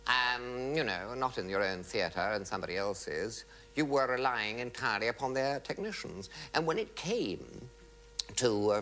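A man's voice: fairly low pitch, fairly bright tone, a little hiss or hum, low-quality recording. A middle-aged man telling comic anecdotes to a live audience as a raconteur, theatrical, with sudden leaps into mock outrage. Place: television studio before an audience.

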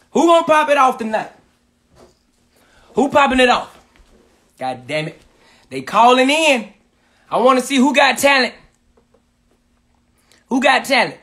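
A man hosting a livestream, loud and hyped, swearing and shouting to his viewers. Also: extremely high pitch. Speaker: livestream host.

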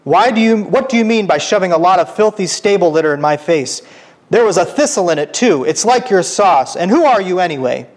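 A man reading aloud, voicing a surly, mistrustful male dwarf with a gruff, rude manner. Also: sits high, animated, fairly quick. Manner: read aloud from a book.

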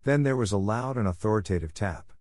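A man narrates an audiobook in a measured, even manner, his voice sitting fairly low. The recording is close and very dry, with no room sound at all. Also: dry recording.

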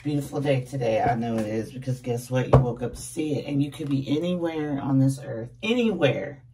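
Woman tarot reader, groggy morning voice, chatty, set back from the mic, steady noise behind her. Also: rumbling low, fairly quick, far from the mic. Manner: chatty, laughing, calls viewers babies and loves. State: groggy just-woken voice. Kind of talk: casual tarot reading to camera.

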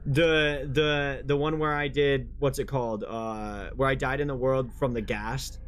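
A young man streaming a horror game, chatting casually in a rambling, halting way with frequent restarts. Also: mid-range voice, steady tone, fairly bright tone. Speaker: gaming streamer. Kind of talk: casual gameplay chat. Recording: noisy stream audio.

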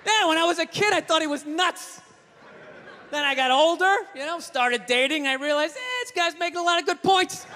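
A man doing a stand-up set on stage, ranting and swearing, often shouting his punchlines. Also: extremely high pitch, a little fast. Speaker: stand-up comedian. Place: comedy stage before a laughing audience. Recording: live show, long hall reverb, faint noise.

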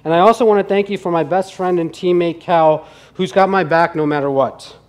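A man's voice: high-pitched, natural voice. A man doing a boastful, goofy race driver praying. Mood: earnest. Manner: loud, drawn-out, goofy earnest praying. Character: boastful dim-witted male race car driver saying grace.

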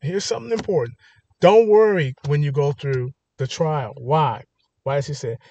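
A man's voice: fairly high pitch, normal speed, warm tone, muffled recording, slight background noise. A man preaching a sermon, emphatic and rising to stress points, often restarting his words. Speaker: pastor.

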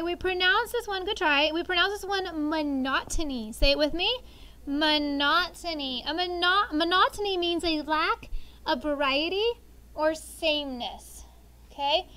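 A high-pitched woman leads a sixth grade vocabulary lesson. She talks in a chatty, explaining way, leaning on everyday examples and tagging many points with a quick "okay?". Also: pushed and bright, low-quality recording.

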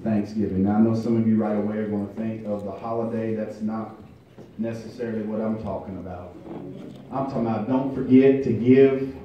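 A male pastor preaching a sermon, building from quiet to loud, emphatic delivery with drawn-out phrases. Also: on the low side, steady tone, a little hiss or hum. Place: church sanctuary. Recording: distant echoey church recording, muffled.

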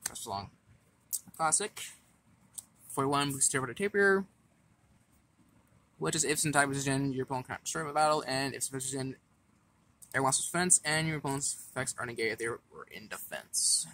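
A man casually walking through his card game deck, reading effects aloud in a halting way with stumbles and restarts. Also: medium pitch, sharp tone.

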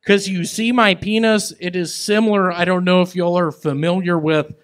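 A man doing stand-up on stage, with a slow, halting, awkward delivery full of odd pauses. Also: high-pitched, fairly even intonation. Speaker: comedian. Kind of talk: live stand-up and crowd banter. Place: comedy stage with live audience.

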